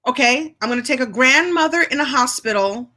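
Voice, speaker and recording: Woman from New York hosting a lively live chat, bright and forceful, a bit high. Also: a little fast. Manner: playful, exclamatory, laughs often. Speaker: speaker hosting a live session. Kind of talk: lively live-stream chat with an improv game.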